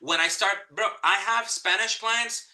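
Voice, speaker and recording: A man teaching a live real estate training, energetic and repeating key points for emphasis. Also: sits high, unhurried, reverberant, low-quality recording. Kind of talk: live online training talk.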